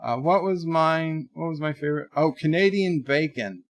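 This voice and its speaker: A man's voice: on the high side, lively intonation, normal speed, no echo. A man hosting a live stream, reading viewers' chat messages aloud in a rambling, chatty way. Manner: chatty, rambling, trails off quietly.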